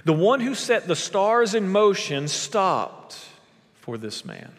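A man preaching a sermon as a pastor, emphatic, with big swings in pitch and volume. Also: big pitch swings, slow pace, fairly bright tone, big-room sound.

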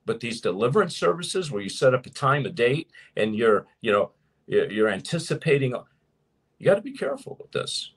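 A man preaching and teaching to his viewers as host of his show, emphatic, slowing down to stress points. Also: medium pitch, husky. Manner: animated and emphatic, slows down to stress key points. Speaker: preacher hosting a live show. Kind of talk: sermon-style teaching to a live audience.

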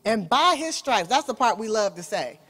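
A woman preaching a sermon. She calls for amens, uses folksy asides and swings from loud declarations to soft, drawn-out lines. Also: a little high, sing-song.

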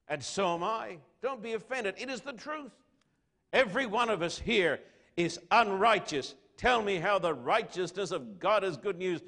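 A man preaching a sermon to his congregation, asking rhetorical questions and swinging between loud declarations and hushed lines. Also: fairly high pitch. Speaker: pastor.

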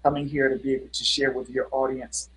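A man's voice: mid-range voice, level tone, brisk, a bit bright, slight background noise, low-quality recording. A middle-aged man, a guest musician, telling stories in a casual interview with an earnest manner and many fillers.

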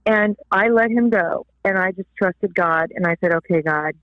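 A woman's voice: mid-range voice, moderate pace, no room sound. A woman giving an earnest personal faith testimony as a guest author, heard over a phone line. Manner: earnest, tearful at times.

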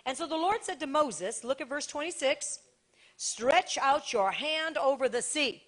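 Fervent high-voiced woman preaching. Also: lively intonation, a little slow. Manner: fervent, repeats phrases for emphasis. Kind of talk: sermon.

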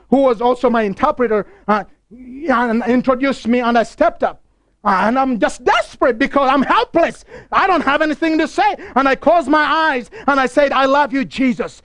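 A man's voice: extremely high pitch, a bit bright, no echo. A man preaching a broadcast sermon, telling stories with passion and repeating key phrases. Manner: impassioned storytelling with repeated phrases.

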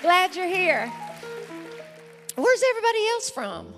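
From the pulpit of a large church sanctuary, a woman pastor with a Southern accent welcomes visitors with enthusiasm, calling out to the congregation. Her very high-pitched voice is very animated and fairly bright, yet measured in pace, and it sounds like a large hall. Music and the crowd come through in this live service recording.

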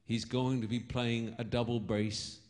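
A man preaching a sermon to his congregation, telling stories slowly and rising to loud, ringing quotations of scripture. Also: mid-range voice, little pitch movement. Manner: slow storytelling preacher, rising to loud proclamations. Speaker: pastor.

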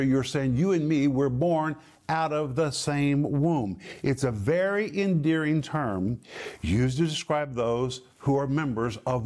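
A man hosting a televised Bible teaching, speaking earnestly and emphatically, slowing down to stress key phrases. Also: fairly high pitch, a little mellow. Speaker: Bible teacher and TV ministry host.

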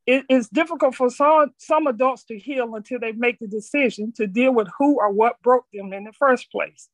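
A woman's voice: on the high side, dry recording. Earnest woman reading her story aloud. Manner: earnest, measured reading with occasional stumbles. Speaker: speaker sharing her story. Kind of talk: reading a personal reflection aloud.

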